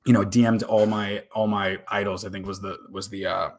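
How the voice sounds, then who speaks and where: A man's voice: fairly low pitch, little pitch movement, brisk. A young man vlogging to camera in a casual, rambling way, often repeating words and swearing now and then.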